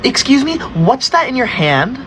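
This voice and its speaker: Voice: high voice, sing-song, unhurried, fairly bright tone, slight background noise, full character voice. A performer playing an entitled, bossy schoolkid in a comedy skit, talking in a haughty, scolding, mock-formal way. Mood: greedy, bratty. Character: bossy entitled schoolkid who bullies classmates. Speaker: content creator.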